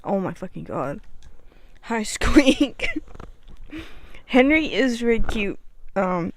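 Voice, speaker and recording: A woman's voice: on the high side, sing-song, takes it slowly, pauses often, a little hiss or hum. A woman in casual gameplay commentary, exasperated and near tears, swearing and muttering to herself. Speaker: gaming streamer.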